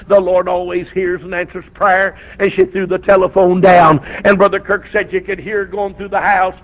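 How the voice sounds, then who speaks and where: A man preaching a revival sermon, telling folksy stories and rising to shouts. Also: high-pitched. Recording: dull lo-fi old recording.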